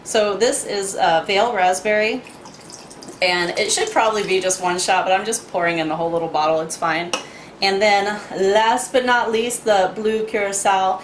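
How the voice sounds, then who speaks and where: Woman, home cooking vlogger, casual and chatty, mid-pitched, roomy kitchen echo. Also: fairly even intonation, moderate pace, a little hiss or hum. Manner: bubbly, chatty, playful asides. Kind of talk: casual kitchen demo chat.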